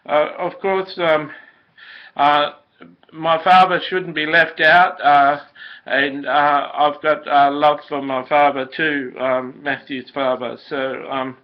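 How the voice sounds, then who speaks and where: A man giving a gentle, emotional spoken message as if from his late sister, halting with many ums and uhs. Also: on the high side, level tone. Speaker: prophetic minister speaking as his late sister. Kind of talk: slow spoken channeled message. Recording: dull lo-fi recording.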